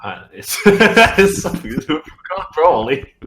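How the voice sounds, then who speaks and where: A man's voice: fairly high pitch, sing-song, brisk, crowd noise. A man co-hosting a casual podcast while drawing, joking around and swearing casually. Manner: jokey, swears casually, laughs often. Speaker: podcast co-host.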